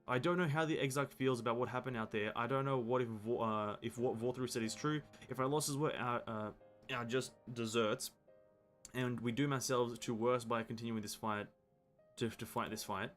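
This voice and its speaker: A man's voice: mid-range voice, fairly even intonation, normal speed, fairly bright tone, soft background music, natural voice. A man reading as a grieving soldier. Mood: mournful. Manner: reads game dialogue aloud in his own voice.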